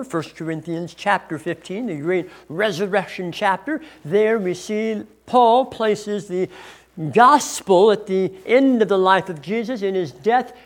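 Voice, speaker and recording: Man, middle-aged pastor, teaching sermon, slow measured delivery, draws out key words. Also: high-pitched. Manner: deliberate, stretches key words for emphasis.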